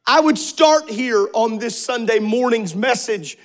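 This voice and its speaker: Male pastor, very high voice, slow emphatic sermon delivery with shouted peaks. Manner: preaching, rising to shouts on key words. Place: church sanctuary.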